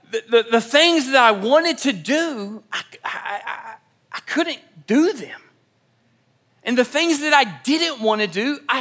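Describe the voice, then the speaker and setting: A young pastor preaches in a church auditorium, telling personal stories and acting out the dialogue in them. His voice is very high, bright and pushed.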